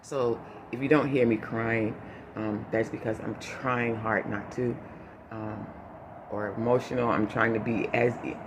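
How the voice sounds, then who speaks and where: Guy giving a choked-up update to his viewers, halting, lots of ums, steady background noise. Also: mid-range voice. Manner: halting, with many fillers and restarts, holding back tears. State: emotional, choking up. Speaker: vlogger giving a family update. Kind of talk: unscripted personal update to viewers.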